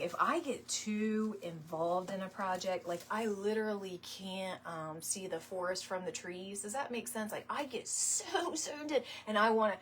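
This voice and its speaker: This woman hosts a wreath-making live stream, chatting casually, laughing often, and greeting viewers by name as she works. Her voice is lowish, with slight background noise in the recording.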